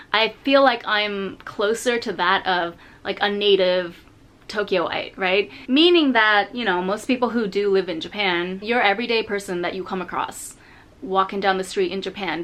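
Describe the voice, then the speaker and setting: A woman chatting casually through a makeup review vlog from her home, rambling into asides, leaning on fillers, and jumping up in pitch when she stresses a point. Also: a bit bright. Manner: jumps up in pitch on emphasis. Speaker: beauty vlogger. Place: home in Japan.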